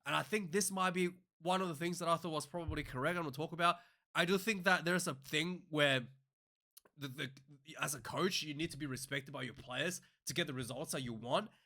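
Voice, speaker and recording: A man with a bright, forward voice pitched a little above the usual talks through the news in a loose, rambling way. His talk is full of fillers and restarts. He often works himself up into an exasperated rant. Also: a little fast. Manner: rambling, many fillers and restarts, gets heated and ranting. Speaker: rugby news show host. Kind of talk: casual commentary.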